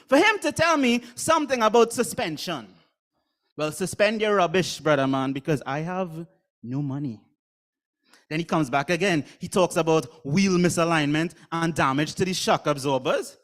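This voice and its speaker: A man's voice: on the high side, a bit bright. A man with a Trinidadian accent performing a comic spoken word poem in a theatrical way. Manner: comic, theatrical delivery with mock voices. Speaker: slam poet.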